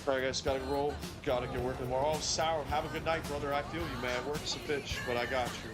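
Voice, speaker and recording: A young male streamer in a relaxed, joking mood, reading chat and chatting over his game. Loud game music plays behind his mid-pitched voice. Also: quick pace. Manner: laid-back, joking, reads chat aloud. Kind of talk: casual live-stream chat.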